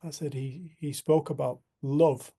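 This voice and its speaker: Man leading a community group, earnest reflective talker, slightly higher-pitched with some gravel. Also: steady tone. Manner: earnest, storytelling, soft and slow at times. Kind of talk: reflective spiritual talk.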